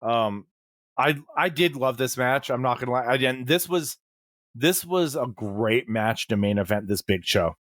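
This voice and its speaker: A man co-hosting a podcast in a relaxed, hesitant way, at a mid pitch. The sound is dry and close. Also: measured pace, no echo. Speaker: podcast co-host. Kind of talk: casual podcast chat.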